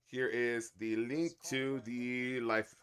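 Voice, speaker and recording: A man's voice: mid-range voice, level tone, takes it slowly, a bit bright. A man hosting a live stream, chatting casually with his viewers and joking as he explains the sport. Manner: chatty, joking, addresses chat as y'all. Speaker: livestream host. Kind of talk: casual watch-along chat.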